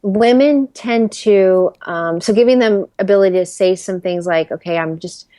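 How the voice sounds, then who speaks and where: A woman's voice: mid-range voice, normal speed, no room sound. A woman in her thirties, a career strategist and interview guest, talking candidly and animatedly. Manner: candid, animated storyteller who acts out quotes. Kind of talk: casual interview conversation.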